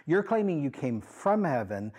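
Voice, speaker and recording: A man's voice: on the high side, very animated, normal speed, a little mellow, slightly rough. A man playing an incredulous hometown crowd. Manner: incredulous, pleading, talks in modern slang. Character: skeptical hometown crowd confronting Jesus, casual modern talk.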